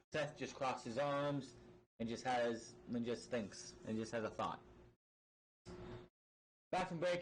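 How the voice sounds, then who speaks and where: A man's voice: medium pitch, a little hiss or hum, rough recording. A man giving a casual, opinionated recap of a wrestling show, blunt and emphatic, swearing freely and often restarting his sentences.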